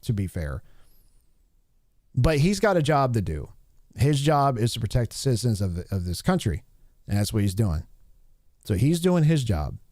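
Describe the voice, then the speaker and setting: A man's voice: medium pitch, dark tone, dry recording, studio quality. A man giving blunt, profane opinion commentary on a livestream, rambling with many restarts.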